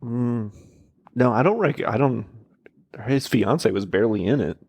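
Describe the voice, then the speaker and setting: A man hosting a podcast in relaxed casual chat, asking questions and sharing trivia. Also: medium pitch, unhurried, creaky, breathy edge. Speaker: podcast host.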